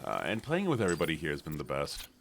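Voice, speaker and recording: A man's voice: extremely low pitch, wildly swooping pitch, rapid-fire, vocal fry. A man hosting a casual gaming stream, giggly, easily distracted and playfully whiny. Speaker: streamer and host.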